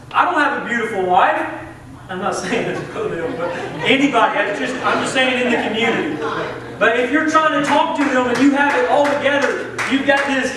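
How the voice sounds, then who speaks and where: High-voiced young Southern preacher. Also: male voice, sharp tone. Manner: earnest, conversational preaching with acted quotes. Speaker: assistant pastor. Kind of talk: sermon. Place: church sanctuary. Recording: echoey church from a distance, faint hiss.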